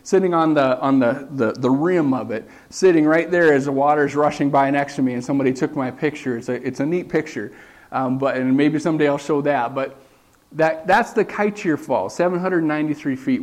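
A man giving a conversational church talk, telling a travel story with pictures, often pausing on "okay" and restarting sentences. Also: a little high, a little mellow.

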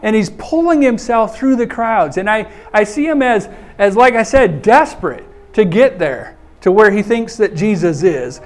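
A man's voice: high voice, moderate pace, few pauses. A man preaching a folksy sermon and reading scripture, often saying "okay" and acting out scenes in a raised voice. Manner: animated, acts out scenes in raised voice.

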